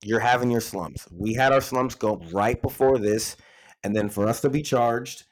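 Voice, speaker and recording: Man, hoarse raspy voice, excited, swears a lot, heated football chat. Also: medium pitch, normal speed, low-quality recording. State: hoarse from yelling. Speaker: podcast co-host, City fan. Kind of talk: heated casual football debate.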